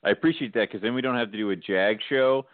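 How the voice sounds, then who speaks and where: A man hosting a podcast in casual chat, joking, laughing loudly and swearing offhand. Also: lowish voice, fast, no room sound. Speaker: podcast host. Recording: tinny phone-like sound, dry.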